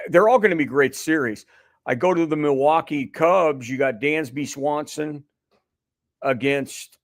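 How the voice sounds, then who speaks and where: A man's voice: mid-range voice, no room sound, studio quality. A middle-aged man as a guest on a sports radio show, chatting casually and rambling with many restarts and fillers.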